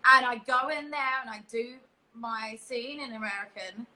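A woman's voice: a little high, normal speed, sharp tone, low-quality recording. A young English woman chatting as a podcast guest, giggly and a little scattered as she jumps between stories. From England. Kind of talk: casual chat.

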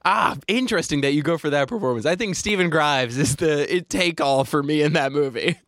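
A man's voice: a little high, brisk, fairly bright tone, no echo, clean studio sound. A man hosting a podcast in casual chat, joking, laughing often and acting out little scenes. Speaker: podcast host.

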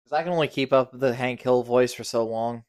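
A man's voice: medium pitch, fairly quick, darkish tone. A man co-hosting a casual podcast, laid-back and terse, explaining facts in a matter-of-fact way, recorded in a small crowded office. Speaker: podcast co-host.

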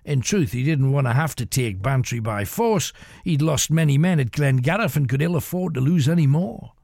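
A man telling a grisly tale in a measured, dramatic storytelling manner as the show's host. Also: medium pitch, animated, vocal fry, darkish tone, dry recording, clean studio sound.

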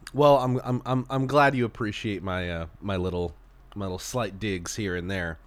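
A man with a very deep voice talks in a loose, laid-back way. He tells stories with easy laughter and casual swearing, like a host chatting with a friend. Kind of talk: casual chat.

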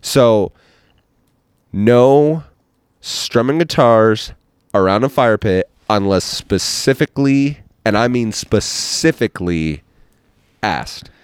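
A man's voice: on the low side, lively intonation, takes it slowly, clear, resonant tone, no room sound, clean studio sound. A man hosts a podcast outdoors by a bonfire, ranting playfully and with emphasis. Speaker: podcast host. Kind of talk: casual podcast chat. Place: outdoor patio around a bonfire.

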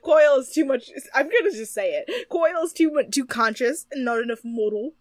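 A woman's voice: high voice, animated, normal speed, no echo, studio quality. A woman co-hosting a podcast, chatting casually as she recaps a TV show, giggling often and acting out mocking impressions of the people she discusses. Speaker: podcast co-host.

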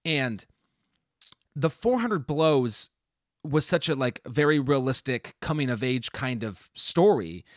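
A man's voice: medium pitch, expressive, takes it slowly, dry recording, clean studio sound. A man co-hosting a film review podcast, chatting casually and rambling with many restarts. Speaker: podcast co-host.

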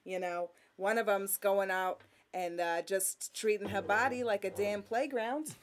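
A woman's voice: medium pitch, steady tone, unhurried, voice pushed down, lightly acted. A woman putting on an older New Jersey lady who complains about her family. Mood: complaining. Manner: gossipy complaining. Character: nagging older Jersey grandma.

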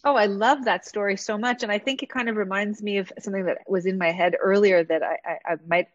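A woman's voice: medium pitch, steady tone, fast talker, no room sound, dull audio. A woman co-host chatting casually, thoughtful and searching for words. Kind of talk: casual podcast chat.

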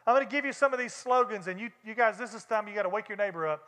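A man with a Southern US accent delivering a sermon, talking straight to the congregation in an easy, conversational way. His voice sits high and sounds bright and forward. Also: rapid-fire. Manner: conversational preaching, addresses congregation directly. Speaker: pastor.

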